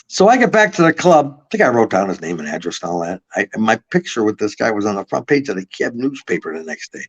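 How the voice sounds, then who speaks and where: A man's voice: lowish voice, sing-song, moderate pace. Rambling, swearing man telling stories. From Buffalo, New York. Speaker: podcast guest. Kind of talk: casual storytelling. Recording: slightly muffled audio.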